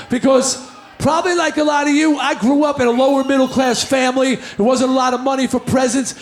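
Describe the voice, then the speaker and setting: A man fronting a band, telling a loud, energetic story to a crowd from a car show stage before a song, in an echoey live recording with music behind. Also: very high-pitched, slight background noise.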